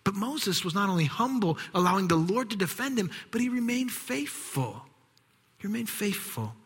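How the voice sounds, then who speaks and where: A man preaching a sermon, acting out quoted voices and dropping to hushed whispers. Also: high-pitched, very animated, moderate pace, husky, long reverb tail. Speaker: pastor.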